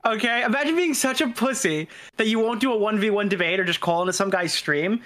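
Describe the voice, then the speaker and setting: A man chatting on a livestream, excitable and sweary, often repeating himself when worked up. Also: high-pitched, quick pace, few pauses. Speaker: stream co-host. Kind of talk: casual livestream chat.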